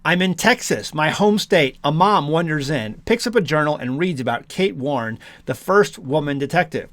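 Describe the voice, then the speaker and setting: A man's voice: fairly high pitch, animated, normal speed, hardly any pauses, a bit bright, dry recording. A man from the United States who hosts a homesteading channel, reading an article aloud and breaking in with sarcastic asides.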